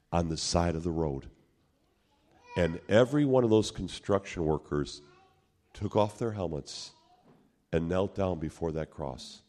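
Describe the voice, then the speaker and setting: A man preaching, telling a personal testimony as an animated storyteller who acts out the people he quotes. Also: lowish voice. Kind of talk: sermon storytelling.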